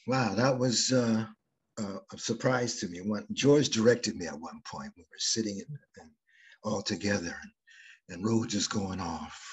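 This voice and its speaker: Older man with a very husky voice. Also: lowish voice. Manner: unhurried storyteller, drifting between loud and hushed. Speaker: actor interviewed as guest. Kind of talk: reflective anecdotal conversation.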